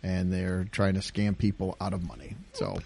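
A man's voice: sits low, steady tone, moderate pace, gravelly, warm tone, husky. A middle-aged man hosting a casual podcast chat, joking and laughing easily. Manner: jokey, laughs easily, puts on silly pirate voices. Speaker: podcast host.

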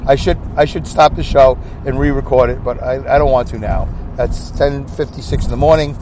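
Tired guy in his 50s rambling on his solo podcast, keeps losing his point, mid pitch, faint hum behind. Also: normal speed, warm tone. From upstate New York. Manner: rambling, circles back and loses his train of thought. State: sleep-deprived. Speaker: podcast host.

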